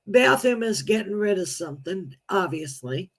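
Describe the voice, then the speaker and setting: A woman's voice: mid-range voice, animated, normal speed. A woman, a psychic medium guest on a live-stream chat, explaining things plainly with examples.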